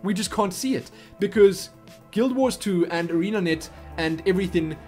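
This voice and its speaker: A man's voice: high voice, moderate pace, a little mellow, soft background music. A man hosting his own question-and-answer video, talking casually and rambling a little, poking fun at himself as he goes, recorded on his webcam at his computer. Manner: rambling, self-deprecating, chatty. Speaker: channel host answering viewer questions. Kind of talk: casual Q&A chat. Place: at a home computer. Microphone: webcam microphone.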